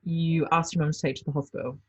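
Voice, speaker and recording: A young woman, chatting as co-host on a podcast, supportive and quick to laugh along. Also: low voice, steady tone, husky, highs cut off. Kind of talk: casual chat.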